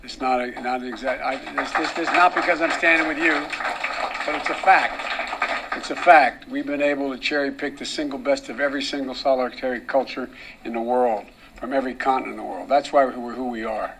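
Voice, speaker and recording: An older male politician giving a campaign speech, halting and restarting often. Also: mid-range voice, steady tone, sharp tone, slight background noise.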